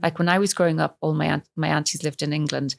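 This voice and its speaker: A woman in her fifties with a Cork Irish accent, chatting as a podcast guest, laughing often and acting out quick quotes. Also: sits low, fairly even intonation, creaky, no echo, studio quality. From Ireland. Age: 50s. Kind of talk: casual chat.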